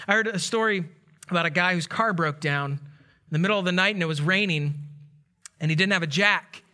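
Man, pastor, sermon, high pitch, storytelling with voices. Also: normal speed. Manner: storytelling with animated quoted voices.

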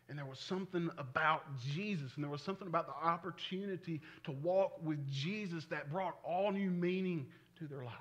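A man, preaching a sermon in a conversational, animated way. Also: on the high side, normal speed, hardly any pauses, lo-fi sound. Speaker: pastor.

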